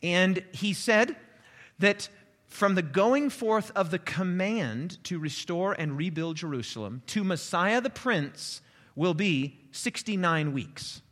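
A man preaching a sermon, reading scripture aloud with dramatic swings from loud declaiming to hushed, quiet asides. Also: a little high. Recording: long hall reverb.

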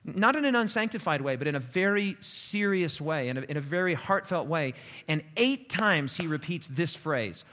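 A man's voice: on the high side, expressive, moderate pace. Preacher man declaiming in a reverberant hall. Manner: dramatic, swings from loud declaiming to hushed. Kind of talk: sermon.

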